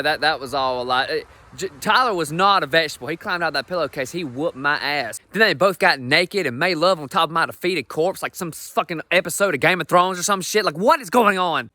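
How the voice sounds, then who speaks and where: A man's voice: a little high, a little fast, bright, forceful tone. A young adult man doing brash, profane, self-deprecating stand-up comedy.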